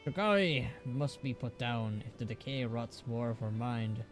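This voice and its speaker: This is a rough-edged troll keeper of animals, talking in a broad troll dialect with a folksy, unhurried drawl. A man acts him out while reading a game aloud. The voice sits at an ordinary male pitch with faint music beneath it. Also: close to an everyday voice. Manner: island troll dialect with "be" in place of "is".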